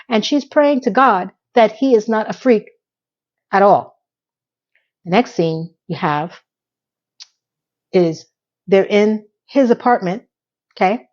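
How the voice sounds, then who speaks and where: A woman's voice: medium pitch, a little mellow, highs cut off. A woman giving a casual, opinionated recap of a TV episode. She retells scenes by acting out the quotes and drops blunt asides.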